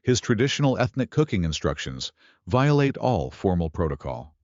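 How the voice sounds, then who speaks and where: A man reading scripted narration with even, announcer-like phrasing. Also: lowish voice, moderate pace, dry recording. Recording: muffled lo-fi audio.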